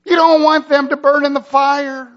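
A male pastor delivers a sermon in a high, ringing voice. He builds drama through rhetorical questions and urgent, vivid scenarios, rising and dropping for effect. The recording sounds dull and lo-fi. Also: level tone, normal speed.

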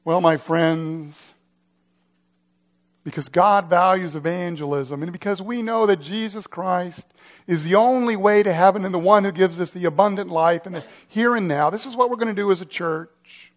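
A man's voice: sits high, normal speed, lo-fi sound. A man preaching a sermon as a pastor, building urgency with vivid scenarios and rhetorical questions.

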